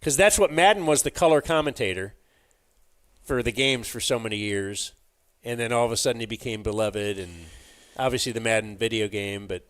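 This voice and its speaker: A man's voice: fairly low pitch, brisk. A man co-hosting a podcast, chatting casually about sports in a laid-back, rambling way with lots of fillers. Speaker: podcast co-host. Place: live stream from a club.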